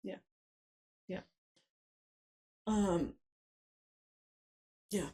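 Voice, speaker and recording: A woman guest on a podcast interview, recounting a personal story in a hesitant way, with frequent pauses and fillers. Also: mid-range voice, dark tone, low-quality recording.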